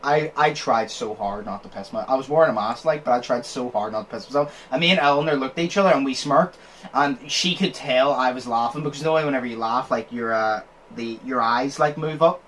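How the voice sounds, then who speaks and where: A man's voice: mid-range voice, a little fast, slight background noise. Laughing, swearing young man telling a story. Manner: animated storyteller, laughs often, swears freely. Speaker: podcast host. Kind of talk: casual chat.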